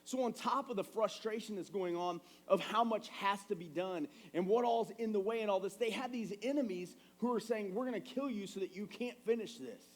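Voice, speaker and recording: A man in his thirties preaching a sermon in a church, telling family stories in a conversational, animated way. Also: high voice, brisk, few pauses. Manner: conversational, animated storytelling with acted quotes. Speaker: pastor. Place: church sanctuary.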